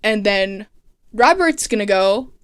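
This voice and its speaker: A woman's voice: mid-range voice, expressive, takes it slowly, fairly bright tone, clear, resonant tone. A woman casually recapping a TV season, sarcastic and swearing freely, with chatty asides. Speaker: TV recap vlogger. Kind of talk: casual, profane recap commentary.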